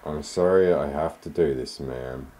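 A man's voice: rumbling low, a little slow, dark tone, slight background noise. A man reading as a stiff debt collector. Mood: mock formal. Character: polite young male debt collector.

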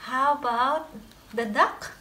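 A woman playing an animal-sound game with a toddler, speaking slowly and making animal noises. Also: sits high, sharp tone, reverberant, a little hiss or hum. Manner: slow, playful, makes animal noises. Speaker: caregiver teaching a toddler.

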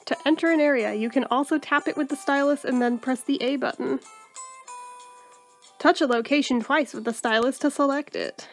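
A woman's voice: high voice, normal speed, soft background music. A woman reading a chirpy horse-mad young heroine. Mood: eager. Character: cheerful horse-loving young woman, player character.

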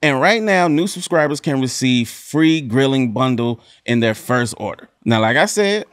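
A man's voice: medium pitch, animated, normal speed, no room sound, studio quality. A man reading a podcast sponsor spot in an upbeat, chatty way. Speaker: podcast co-host. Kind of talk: ad read.

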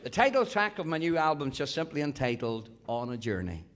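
A man with a Northern Irish accent, a gospel singer telling humorous stories at a concert in a lively, animated way. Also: on the high side, brisk.

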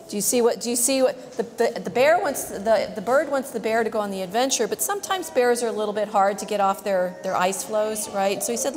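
Lively woman reading to children. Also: medium pitch, normal speed. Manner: lively, asks questions, says "right?" often. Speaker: reader to children. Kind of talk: reading a picture book aloud with commentary. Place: large church. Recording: long church reverb.

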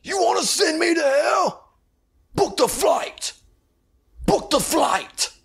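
A man voicing a hot-tempered young movie hero who shouts in exaggerated outrage, pitched well above his own voice. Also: animated, takes it slowly, creaky, full character voice. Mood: angry, shouting.

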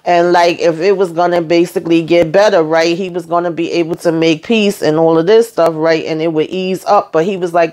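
A woman hosting her own TV show recap, talking in a sassy, animated way straight to her viewers. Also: lowish voice, fairly quick, hardly any pauses. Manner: animated, sassy, talks to viewers as y'all and honey. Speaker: TV recap host. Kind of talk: casual recap chat.

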